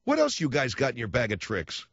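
A man's voice: medium pitch, huge pitch swings, brisk, gravelly, a bit bright, dry recording, highs cut off. A man hosting a talk radio show, ranting about politics in a sarcastic, mocking way.

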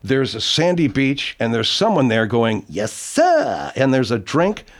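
A man's voice: medium pitch, lively intonation, moderate pace. A man hosting a radio show in casual banter, rambling, easygoing and freely profane. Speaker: radio host.

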